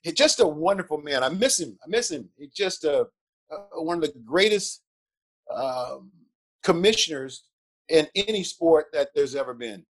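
An older man, a guest in an interview, telling animated anecdotes with chuckles and repeated words. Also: a little high, normal speed. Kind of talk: animated storytelling.

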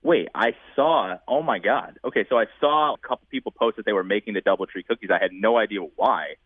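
A man's voice: on the low side, a little fast, breathy edge. A man from the Northeastern US co-hosting a podcast, talking casually with emphatic opinions and frequent laughs. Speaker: podcast co-host. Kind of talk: casual chat. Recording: tinny phone-like line.

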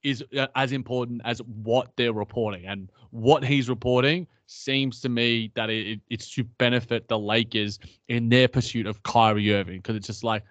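A man's voice: mid-range voice, steady tone, normal speed, few pauses, dry recording. Chatty Australian man, dull dry sound. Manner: chatty, many restarts and asides. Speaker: podcast co-host. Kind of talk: casual sports podcast chat.

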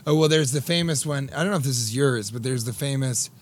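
A man co-hosting a comedy podcast, playful and teasing in casual chat, quick to laugh. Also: mid-range voice.

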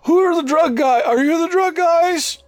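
A man's voice: moderate pace, music in the background. Man doing a quavering, cranky old guard. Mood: anxious. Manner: fussy, cranky, high and strained. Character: quavering elderly male security guard.

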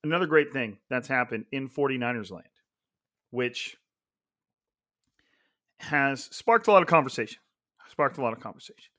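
A man's voice: mid-range voice, animated, normal speed, long pauses, pushed and bright, no echo, studio quality. A man hosting a casual solo sports podcast, rambling and thinking aloud with frequent restarts and asides. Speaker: podcast host. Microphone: gaming headset.

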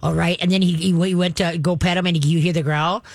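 A woman's voice: fairly low pitch, steady tone, a little fast, vocal fry, dry recording. Direct, chatty woman dog trainer. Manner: direct, instructive, chatty with laughs. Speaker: radio show dog trainer host. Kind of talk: advice call-in talk.

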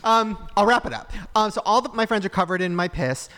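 A man's voice: sits high, fairly quick, clean tone, big-room sound. A man hosting a casual podcast, telling a story with energy and acting out the voices of the people in it, laughing often. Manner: animated storyteller who acts out other voices and laughs often. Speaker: podcast host.

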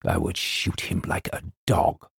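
A man playing a stern, protective old colonel who speaks in a grave, slow and menacing way. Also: fairly bright tone, no room sound, clean studio sound, lightly acted.

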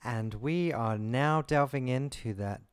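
A man's voice: medium pitch, slow pace, clean tone, no echo, studio quality. A man co-hosting a podcast in casual chat, talkative and laughing easily, often trailing off mid-thought. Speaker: podcast co-host.

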